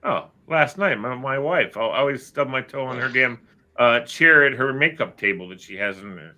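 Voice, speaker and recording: Middle-aged male co-host, bright forceful voice, animated storyteller doing voices in his anecdotes. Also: medium pitch, normal speed. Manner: animated storyteller, acts out quotes. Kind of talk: casual chat, storytelling.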